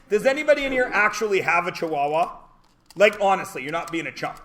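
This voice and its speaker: A man teaching a math class, lecturing with loud jokes and rants that break into shouts. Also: high voice, fairly quick.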